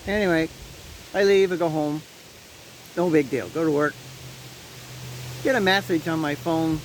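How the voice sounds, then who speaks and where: A man's voice: on the high side, unhurried, pauses often, rough recording. A man from Canada telling a personal story in a casual, chatty vlog, laughing at his own tale, recorded outdoors in the wind. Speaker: vlogger. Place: outdoors on a windy day. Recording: light wind noise outdoors.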